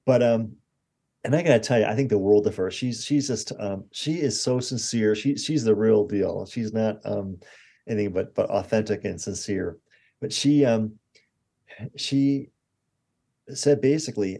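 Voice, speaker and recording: A man in his sixties speaks in a somewhat low, mellow voice. He is a guest in a conversational interview. He tells anecdotes with lively acted-out quotes. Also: unhurried, creaky, husky. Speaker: guest expert.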